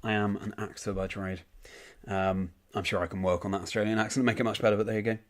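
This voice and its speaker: A man's voice: fairly low pitch, level tone, fast. A young man streaming a game, casually reading out and answering chat messages with frequent ums. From United Kingdom.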